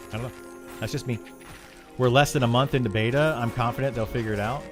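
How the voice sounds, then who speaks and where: A man's voice: medium pitch, steady tone, quick pace, music in the background. A man live-streaming and answering chat, frank and opinionated, often restarting his sentences when heated. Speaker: game streamer.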